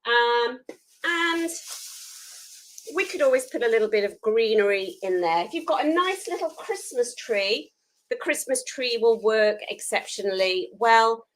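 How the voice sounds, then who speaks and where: A woman's voice: on the high side, lively intonation, measured pace, rough recording. A woman hosting a live food photography tutorial, chatty and self-deprecating while she works hands-on.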